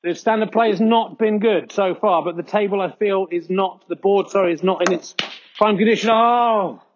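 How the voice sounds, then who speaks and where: A man hosting a comedy podcast, giving mock-earnest snooker commentary with frequent excited exclamations. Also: high voice, moderate pace, muffled recording. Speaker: host doing mock sports commentary.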